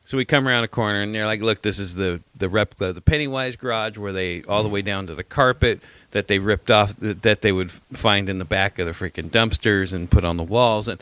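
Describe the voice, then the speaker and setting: Middle-aged male podcast co-host, low voice, rambling storyteller, dry close mic. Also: brisk, few pauses, a bit bright, clean tone, no echo. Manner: rambling, repeats himself, swears casually. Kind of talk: casual storytelling chat.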